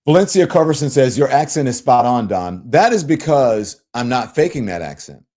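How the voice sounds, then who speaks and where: A man from Louisiana with a softened Southern accent, hosting a livestream and reading viewer comments in an animated, emphatic way. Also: normal speed. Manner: animated, swooping pitch, emphatic. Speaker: show host.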